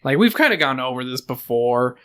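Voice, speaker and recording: A man's voice: mid-range voice, big pitch swings, fairly quick, a bit bright. A man co-hosting a book podcast, talking in a loose, joking way with lots of fillers and restarts. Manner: joking, rambling, full of fillers. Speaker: podcast co-host. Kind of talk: casual chat.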